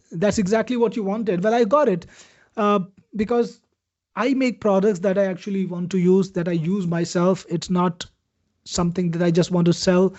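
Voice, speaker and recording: High-voiced salesy man hosting a webinar. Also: a little mellow, highs cut off. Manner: upbeat, salesy, addresses viewers by name. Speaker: webinar host demoing software. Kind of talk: live product demo answering viewer questions.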